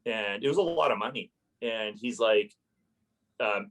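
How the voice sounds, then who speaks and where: As a podcast guest, a landlord recounts a story in a casual interview, getting heated and cursing freely as the anger comes back to him. His lowish voice moves unhurriedly over a rough recording.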